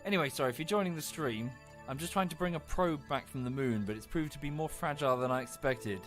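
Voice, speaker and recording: A man's voice: on the high side, quick pace, fairly bright tone, faint music behind. A young man streaming a game, talking casually and mocking himself. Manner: chatty, self-mocking, coos baby talk at his dog.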